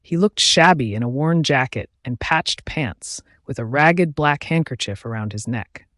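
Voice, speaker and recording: A man narrating a classic novel as an audiobook, in a clear, expressive storytelling manner. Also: mid-range voice, unhurried, no echo, clean studio sound.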